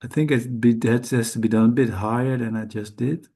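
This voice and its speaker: A man whose first language is Dutch, teaching Sanskrit letters in a slow, careful lesson, hesitant and correcting himself often. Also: mid-range voice, steady tone, warm tone, breathy edge. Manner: hesitant, halting, with frequent self-corrections.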